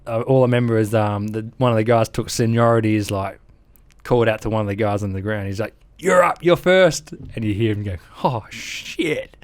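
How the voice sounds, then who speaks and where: A man's voice: fairly low pitch, fast talker, clean tone, no room sound. A man with an Australian accent, an army veteran in his thirties telling war stories in an interview, acting out sounds and quotes. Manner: animated, acts out sounds and quotes, laughs through the telling. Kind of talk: interview storytelling.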